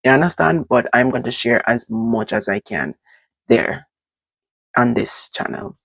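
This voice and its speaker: An older woman with a Jamaican accent, telling stories from her own life to her vlog audience in casual, animated talk that moves between patois and standard English. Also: very deep voice, a little slow, vocal fry, dry recording. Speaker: vlogger. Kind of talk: casual storytelling to camera.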